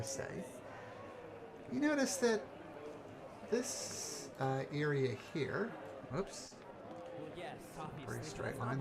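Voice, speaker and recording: A man narrating as game master, describing scenes in a relaxed way with fillers. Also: medium pitch, background noise.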